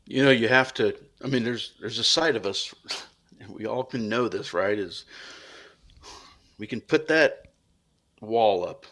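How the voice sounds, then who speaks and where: A man's voice: fairly low pitch, unhurried, pauses often, fairly bright tone. A man on a podcast as a police officer guest, talking earnestly and reflectively with many restarts. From United States. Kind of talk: casual interview talk.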